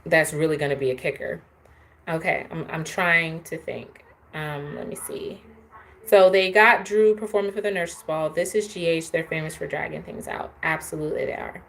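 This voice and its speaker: A woman's voice: low-pitched, steady tone, normal speed, creaky, a bit bright, slight background noise. A woman hosting a casual, opinionated live chat, talking straight to her viewers. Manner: chatty, opinionated, answers viewers. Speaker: host.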